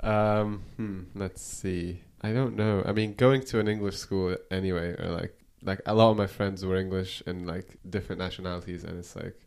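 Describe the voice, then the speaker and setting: Laid-back man with a low voice. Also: fairly even intonation, normal speed, gravelly, few pauses, a little mellow, smooth. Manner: casual, fills with "like", swears freely. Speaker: podcast guest. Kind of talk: casual podcast chat.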